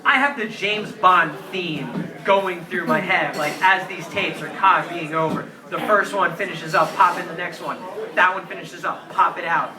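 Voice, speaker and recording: Young man, high voice, rambling earnest storyteller, live in a noisy bar. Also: normal speed, recorded from a distance. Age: 20s. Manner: earnest, rambling, full of "like" fillers. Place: crowded bar. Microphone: distant handheld camera. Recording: roomy bar recording from afar, crowd chatter.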